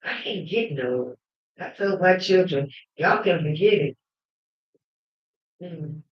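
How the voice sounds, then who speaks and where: A woman hosting a livestream, telling personal stories with emphatic fervor that at times rises to shouting. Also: lowish voice, animated, unhurried. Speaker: livestream host. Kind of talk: fervent personal storytelling. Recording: roomy, dull lo-fi livestream audio.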